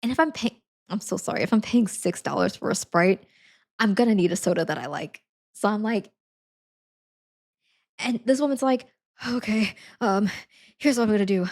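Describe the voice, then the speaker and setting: A woman's voice: medium pitch, lively intonation, normal speed, long pauses. A woman streamer telling a casual, self-deprecating story, laughing often as she goes.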